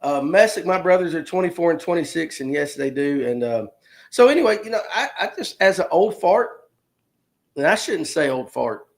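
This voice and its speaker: A man's voice: a little high, lively intonation, normal speed. A man, hosting a casual live stream, joking and reading viewer comments aloud. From Georgia, US. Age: 50s. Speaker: livestream host.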